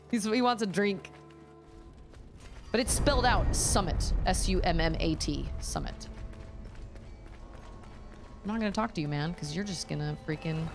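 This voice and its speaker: A woman's voice: lowish voice, unhurried, gravelly, long pauses, music in the background. Chatty woman streaming a game. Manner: chatty, musing aloud, reading chat. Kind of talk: casual gameplay commentary.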